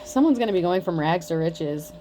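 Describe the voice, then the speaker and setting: A woman's voice: fairly low pitch, lively intonation, brisk, mellow, slight background noise. Blunt, foul-mouthed tarot-reading woman. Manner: blunt, profane, mocking. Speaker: tarot reader. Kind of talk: casual tarot reading to camera.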